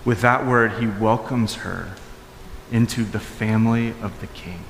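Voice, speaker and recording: A male pastor preaching a conversational sermon in a church hall, his voice ringing with a long reverb and a faint room hum behind it. He moves between raised, high-pitched emphasis and soft, low asides. His delivery is informal, full of restarts and fillers. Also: fairly even intonation, a little slow, vocal fry.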